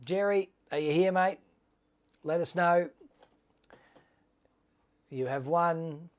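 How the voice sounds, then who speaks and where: A man hosts a live giveaway stream, talking casually and upbeat to his viewers. His voice sits a little higher than most men's, and he keeps calling people mate. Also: slow pace. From Australia. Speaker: livestream host. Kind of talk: casual livestream giveaway chat.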